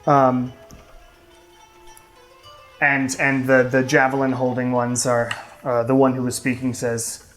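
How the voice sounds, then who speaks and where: A man narrating a tabletop game as game master, talking in a relaxed, loose way with many fillers. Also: medium pitch, slow, long pauses, poor audio. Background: faint music.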